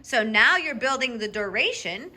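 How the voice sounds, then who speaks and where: A woman coaching a student in a live dog training lesson keeps things upbeat and directive at a brisk pace, checking in regularly with "okay?". Her voice is a little high, clear, and bright, and she periodically lets loose with lively, high praise for the dog.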